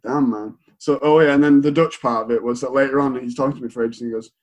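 A man's voice: medium pitch, fairly even intonation, fast talker, low-quality recording. A man in his late twenties with a Greater Manchester accent, telling a rambling story in casual chat and acting out what people said. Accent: Northern English, Greater Manchester. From England. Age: 20s. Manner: rambling storyteller, acts out quotes. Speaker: stand-up comedian.

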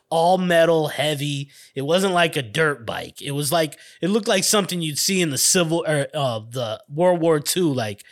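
A man around forty hosting a podcast, telling a long, rambling childhood story in a casual, profane way, with restarts. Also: a little high. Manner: rambling, profane, laid-back, restarts and laughs often. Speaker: podcast host.

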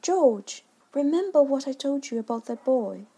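A woman voicing a gentle, anxious mother in a storybook reading, speaking softly and pleadingly. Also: high-pitched, expressive, normal speed, pitched above the performer's own voice. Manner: soft, pleading.

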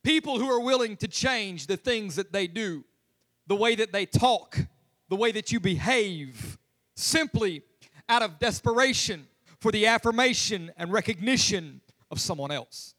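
A man's voice: high voice, bright, forceful tone. A man preaching a humorous, conversational sermon as pastor in a church. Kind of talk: lively sermon. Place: church sanctuary.

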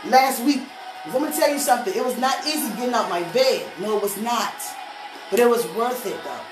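A woman with a fairly high voice tells a church testimony in an animated, storytelling way, laughing often as she goes. Her voice rings around an echoey room, with faint music underneath. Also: brisk. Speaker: preacher giving a testimony.

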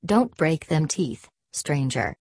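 A woman's voice: low voice, big pitch swings, slow, darkish tone, no echo, studio quality, exaggerated voice. Woman doing a menacing, drawling gambler. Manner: drawling, threatening. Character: ominous gambler man, slow irritating drawl.

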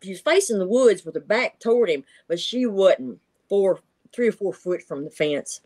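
Middle-aged woman, lively storyteller who acts out the voices, mid-range pitch. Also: moderate pace. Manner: animated, laughs often, acts out voices. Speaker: guest telling encounter stories. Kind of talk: casual storytelling chat.

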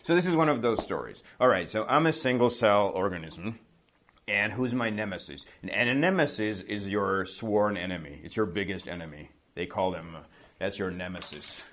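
A man with a slightly low voice tells a lesson as a casual story. He keeps asking himself questions and answering them, tacking "right?" onto his points. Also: moderate pace, a little hiss or hum. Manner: animated, asks and answers his own questions, often adds "right?". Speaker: teacher.

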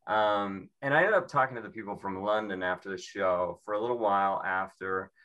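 Bright-voiced rambling comedian man. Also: fairly low pitch, brisk. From Seattle. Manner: rambling, self-mocking, breaks into mimicry. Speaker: stand-up comedian. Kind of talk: stand-up comedy set.

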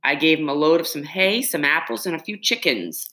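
A woman voicing a calm, folksy farmer father who talks in an easygoing way. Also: sits low, fairly quick. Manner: easygoing, folksy talk with stumbles. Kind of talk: audiobook character reading.

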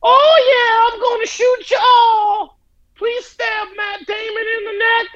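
A man putting on a confused old male gangster with dementia, in a high, strained, shouty voice. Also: level tone, slow, highs cut off, exaggerated voice. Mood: rambling.

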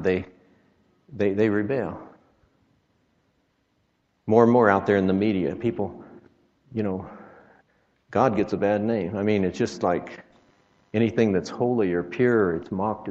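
A traveling preacher delivers a folksy sermon in a church, mixing joking asides with quoted scripture. His voice is on the low side with a darkish tone. The sound is reverberant, dull, and lo-fi.

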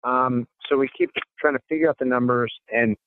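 A man's mid-range voice, fairly even in intonation and fairly quick, comes through a dry, narrow, phone-like line with a little hiss or hum. As a guest real estate investor, he narrates a deal conversationally, quoting the people involved in snippets and often restarting.

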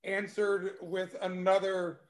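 High voiced dude on a podcast, chill, swears a bunch, laughs a lot. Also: male voice, monotone, takes it slowly. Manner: laid-back, swears a lot, laughs often. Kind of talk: casual chat.

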